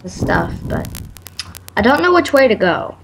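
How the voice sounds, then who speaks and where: A woman's voice: medium pitch, very animated, measured pace, vocal fry. A young woman playing along in casual chat, hesitant and trailing off mid-sentence. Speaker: co-player. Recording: noisy home mic recording.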